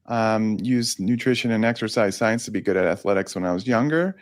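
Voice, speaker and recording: A man who is a physician guest on a podcast, telling stories in a quick, easygoing way. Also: on the low side, no room sound, studio quality. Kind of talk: casual interview.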